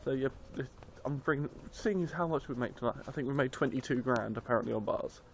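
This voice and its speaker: A man's voice: medium pitch, fast talker, creaky. A young man, vlogging casually into his phone, rambling and swearing as he tells a story. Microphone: handheld phone. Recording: noisy street recording on a phone.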